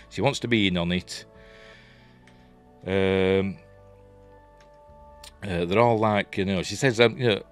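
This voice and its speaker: A man with a Yorkshire accent talks through a TV episode in a loose, chatty review, stopping often for ums and restarts. His voice sits very low but swings up and down with lively pitch, and faint music plays behind him. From Yorkshire, England. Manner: rambling, chatty, many fillers and restarts. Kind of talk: casual spoken review.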